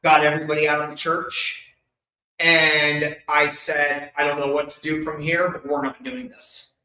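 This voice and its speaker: A man candidly sharing a personal story with an audience, open and emotional, with quick flashes of humor. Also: a little high, pushed and bright. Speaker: speaker sharing his life story. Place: event hall at an expo. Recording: echoey hall.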